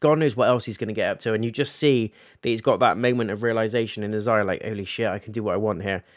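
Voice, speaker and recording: A man's voice: fairly low pitch, fast talker, no room sound, clean studio sound. A man gives a casual episode review, animatedly recapping scenes and acting out the characters' lines.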